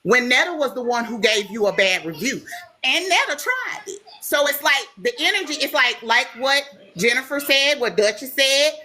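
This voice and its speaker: A woman's voice: high-pitched, lively intonation, moderate pace, sharp tone, slight background noise. A woman hosting a livestream, arguing passionately while crying and insisting she meant no harm. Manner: impassioned, tearful, insistent. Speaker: livestream host. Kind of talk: emotional livestream argument.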